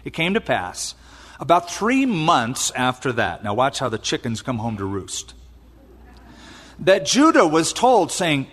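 A male preacher delivers a sermon with a fairly high voice, swinging between quiet asides and loud exclamations. He acts out the people in the story as he goes. A long reverb hangs in the hall around him. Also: measured pace. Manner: animated, acts out quotes, exclaims. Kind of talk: sermon, retelling scripture.

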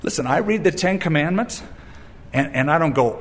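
A man preaching a sermon, animated and storytelling, who acts out the voices he quotes and breaks in with wry asides. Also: fairly high pitch, moderate pace, long reverb tail. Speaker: pastor.

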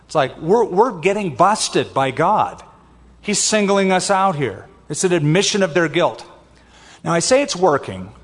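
A male pastor preaching an expository sermon, reading scripture aloud and then explaining it in a conversational way. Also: fairly high pitch. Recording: long hall reverb.

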